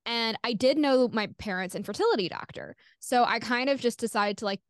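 A woman's voice: a little high, fairly quick, no room sound, studio quality. A woman guest on an interview podcast, telling a personal story candidly, swearing freely and filling her talk with "like". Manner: animated, acts out quoted voices.

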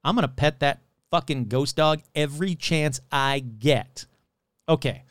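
A man's voice: on the high side, a little slow, dry recording, clean studio sound. A man hosting a casual comedy podcast, sarcastic and profane, rambling as he mocks a legend. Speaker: podcast host.

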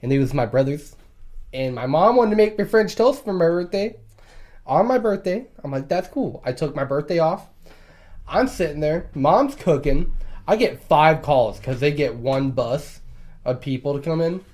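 A man's voice: fairly high pitch, lively intonation, moderate pace, darkish tone. A young man telling crude stories in casual chat, swearing and laughing as he talks. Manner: profane, laughing storyteller.

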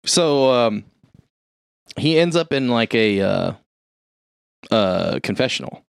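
A man's voice: slow pace, vocal fry, smooth, no echo, studio quality. Young man swearing through a movie recap. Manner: profane, animated retelling with high-pitched quoted voices. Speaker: podcast co-host retelling a film. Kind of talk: casual chat.

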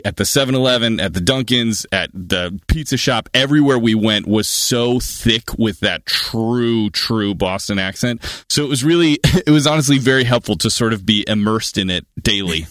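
A man being interviewed as an actor guest, talking in an animated way with frequent restarts and easy laughter. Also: lowish voice, moderate pace, dry recording, studio quality. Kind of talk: casual interview answers.

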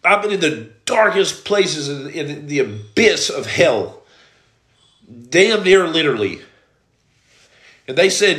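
Brief: man, a bit high-pitched, blunt and streetwise, giving testimony, echoey room. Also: very animated, slow pace, pauses often, a bit bright. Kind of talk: personal testimony, preacher-like storytelling. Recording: roomy echo.

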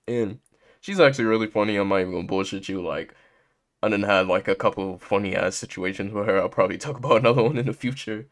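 A man's voice: on the low side, quick pace. A young man hosting a podcast, casually telling a story in heavy slang and laughing often. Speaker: podcast host.

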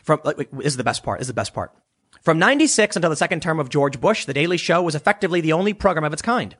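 A man with a high, very animated voice rants through a commentary monologue. He is sarcastic and mocking, swinging his pitch widely as he imitates the people he criticizes. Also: rapid-fire, slightly rough. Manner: sarcastic, mocking impressions of others. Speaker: political commentator.

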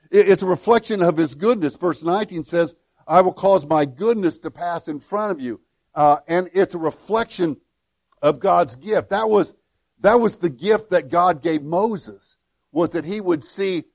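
Middle-aged male pastor, conversational sermon delivery, slightly high voice, dry close sound. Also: a little mellow, no echo. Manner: conversational preaching with frequent restarts.

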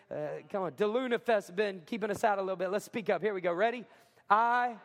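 A male pastor with a high voice preaching to his congregation in a school cafeteria. He talks with energy and stresses key lines, often saying them twice. The sound carries a long reverb, as in a large hall. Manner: energetic, emphatic, repeats lines for effect. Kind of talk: sermon. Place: school cafeteria or gym used as a church.

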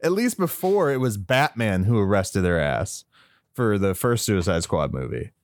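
Low-voiced man chatting casually. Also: normal speed, no room sound, clean studio sound. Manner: relaxed, swearing, laughing often. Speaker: podcast co-host. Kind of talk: casual movie discussion.

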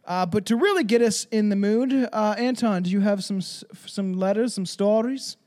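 A man's voice: high-pitched, moderate pace, darkish tone. A young man co-hosting a podcast, chatting loosely and rambling, with plenty of swearing. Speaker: podcast co-host. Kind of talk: casual podcast chat.

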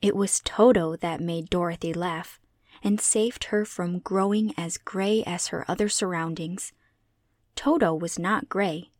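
Female narrator for a classic children's book, steady and clear, dry close recording. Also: on the low side, dry recording. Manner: measured, clear read-aloud delivery. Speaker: audiobook reader. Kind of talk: scripted storybook narration.

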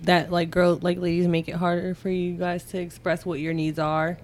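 High-voiced guy poking fun and asking questions, laughs a lot, noisy background. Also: completely flat delivery, normal speed. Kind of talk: casual chat.

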